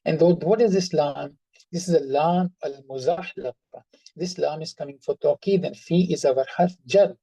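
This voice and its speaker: Patient, mellow-voiced grammar teacher. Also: medium pitch, normal speed, dry recording, low-quality recording. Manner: patient, repeats examples and stresses words by tone. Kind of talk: online class explanation.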